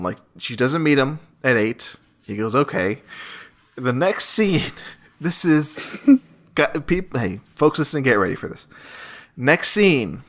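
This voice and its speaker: A man co-hosting a casual film podcast, telling stories with lots of laughter. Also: mid-range voice. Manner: animated, laughing storyteller. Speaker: podcast co-host.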